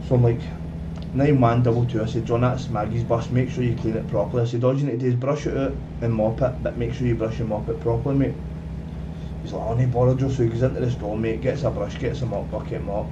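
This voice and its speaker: A man's voice: mid-range voice, level tone, quick pace. A man gaming on a live stream, telling a rambling story, swearing and calling everyone "mate". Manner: rambling, swears often, says "mate" constantly. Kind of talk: casual storytelling while streaming. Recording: dull lo-fi, off-mic, noisy.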